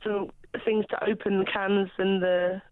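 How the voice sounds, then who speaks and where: A woman's voice: mid-range voice, little pitch movement, no room sound. A woman calling a radio show on the phone, speaking hesitantly and repeating herself as she explains. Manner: hesitant, halting, repeats words. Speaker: caller. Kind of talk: phone-in call. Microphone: telephone. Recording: tinny phone line.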